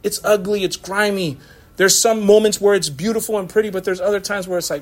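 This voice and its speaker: Pastor, male, high-pitched, conversational sermon with frequent laughs. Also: steady tone, brisk. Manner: conversational, laughing often, acts out quotes.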